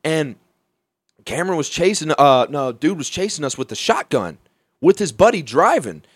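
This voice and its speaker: A young man from Alabama telling a wild story in casual talk, profane and animated, often laughing. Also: on the high side, normal speed, husky, no echo, clean studio sound.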